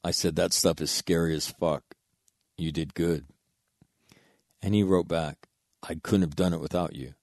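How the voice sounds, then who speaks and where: A man with a very low voice tells a heartfelt story in casual, blunt words and swears freely. He speaks earnestly, as in a spoken monologue. The sound is dry and close, with no room echo. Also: fairly even intonation, measured pace, pauses often.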